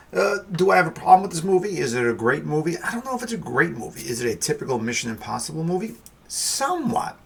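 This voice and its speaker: A man's voice: on the high side, vocal fry, a bit bright, slightly rough. A man hosting a film review podcast, talking casually in a rambling, wry way with frequent restarts and asides.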